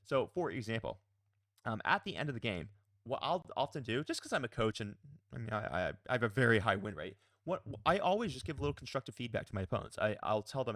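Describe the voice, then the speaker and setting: A man's voice: medium pitch, sing-song, fast, fairly bright tone. A man coaching tabletop gamers in a casual, blunt manner, with a mildly profane edge. His voice rises and falls widely as he leans on his points. The recording is dry, with no room echo. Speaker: pro player and coach. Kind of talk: casual advice video.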